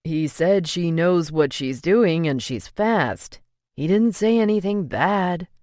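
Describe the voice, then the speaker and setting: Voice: mid-range voice, lively intonation, slow pace, a little mellow, dry recording, clean studio sound, pitched above the performer's own voice. A narrator voicing a blunt young man who manages a restaurant and swears casually, read in an audiobook. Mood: teasing.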